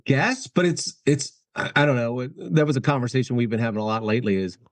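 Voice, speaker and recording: A man's voice: medium pitch, fast, no room sound. Easygoing male podcast guest. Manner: easygoing, rambling, trails off. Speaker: guest, cornhole player and dad. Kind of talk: casual chat.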